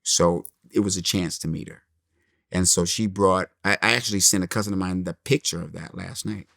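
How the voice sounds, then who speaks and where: A middle-aged man, a comedian guest in an interview, telling his story in a lively way and acting out the people he quotes. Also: deep voice, fairly quick, vocal fry, no room sound, studio quality. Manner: animated storyteller, acts out quotes.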